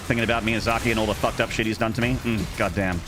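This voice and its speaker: A man's voice: on the low side, steady tone, fast, music in the background. A young man streaming a game, chatting casually and joking with his viewers in a rambling way. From Australia. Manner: rambling, joking, talks to chat. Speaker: gaming streamer. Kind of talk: casual live-stream chat.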